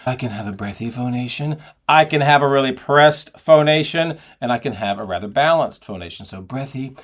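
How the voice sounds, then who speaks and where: Giving a singing lesson, a middle-aged man talks through technique and demonstrates with sounds and sung phrases. He speaks in an expressive mid-range voice at a fairly quick pace.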